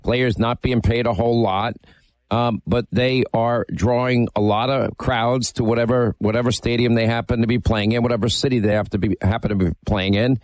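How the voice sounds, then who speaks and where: A man's voice: mid-range voice, steady tone, normal speed, darkish tone, no room sound. A man hosting a radio talk show, chatting casually through a live ad read with frequent fillers.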